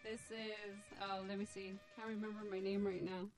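A woman's voice: mid-range voice, flat delivery, moderate pace, faint music behind. A woman guesting on a podcast, introducing herself as her band's synth player with a giggly manner. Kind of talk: casual chat.

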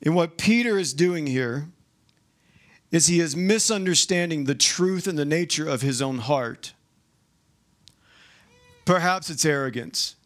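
Animated man preaching, higher voice. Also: unhurried, long pauses. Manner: conversational, animated, acts out quotes. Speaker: pastor. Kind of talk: sermon.

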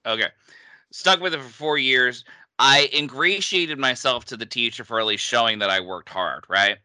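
A man's voice: medium pitch, normal speed, sharp tone, no room sound. A man from New England telling a funny story in a casual chat as podcast co-host, laughing often.

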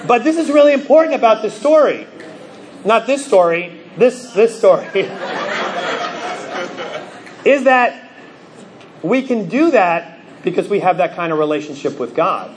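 High-voiced man preaching, animated. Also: measured pace, long pauses, crowd noise, background noise. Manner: animated storytelling with sudden loud bursts; conversational, many fillers like "you know". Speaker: pastor. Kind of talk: sermon.

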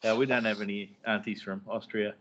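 A man with a very low voice co-hosts a relaxed podcast about scripture. He jokes, chuckles, and drifts into loose, rambling asides. His audio sounds dull and muffled, like a lo-fi recording. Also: fairly quick. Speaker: podcast co-host. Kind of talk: casual chat about scripture.

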